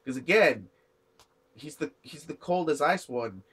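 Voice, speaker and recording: A man's voice: a little high, expressive, unhurried, fairly bright tone, breathy edge. A young man casually recapping an anime episode, rambling with many fillers and restarts and briefly acting out the characters' lines. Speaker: anime reviewer.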